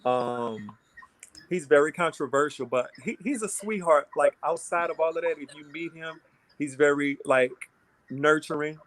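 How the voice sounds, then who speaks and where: A man in his thirties, a guest on a video call, answering questions in an easygoing, measured way. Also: fairly high pitch, fairly bright tone. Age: 30s. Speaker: guest, reality-show cast member. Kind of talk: casual interview over a video call.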